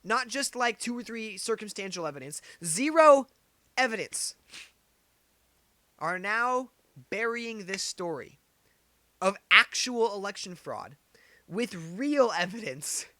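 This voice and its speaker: A man's voice: sits high, animated, measured pace, bright, forceful tone, no room sound. A man giving opinionated political commentary, getting heated, firing off rhetorical questions and repeating his points. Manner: heated, gets worked up.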